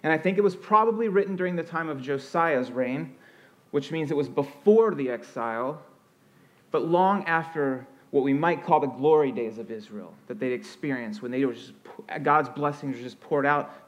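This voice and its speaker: A man preaching a sermon as pastor, earnest and expressive, rising and falling for emphasis, with a conversational flow and frequent restarts. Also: medium pitch, moderate pace.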